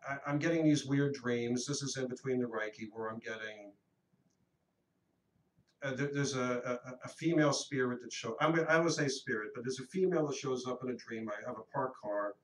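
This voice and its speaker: A man in his fifties telling a story in a casual, animated and earnest way on a talk radio show. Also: medium pitch, fairly quick. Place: radio studio. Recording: roomy echo, mic at a distance.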